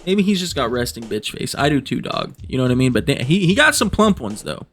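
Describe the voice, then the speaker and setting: A man's voice: mid-range voice, very animated, a little fast, a bit bright, slight background noise. A man doing joking casual commentary as a vlogger, rambling, profane and amused at himself.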